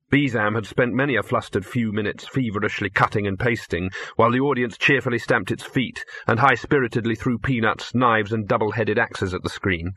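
Husky guy reading an audiobook, dry close sound, measured storytelling. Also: mid-range voice, pushed and bright, no echo. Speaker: audiobook narrator. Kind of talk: audiobook narration from tape sides.

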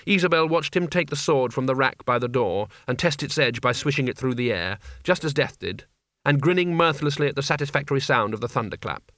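Brief: man, mid-pitched voice, steady novel narration, dry booth. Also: fairly quick, dry recording. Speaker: audiobook narrator. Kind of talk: scripted narration.

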